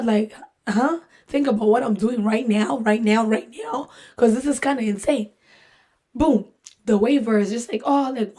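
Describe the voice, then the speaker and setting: Chatty woman telling a spooky story. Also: medium pitch. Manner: animated, jokey, full of fillers and voiced-out quotes. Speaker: podcast host. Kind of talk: casual storytelling monologue.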